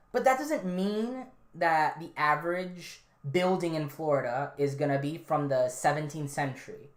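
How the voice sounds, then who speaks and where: A woman hosting a casual solo podcast, rambling and offhand with lots of fillers and restarts. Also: deep voice. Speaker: podcast host. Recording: roomy, echoey room.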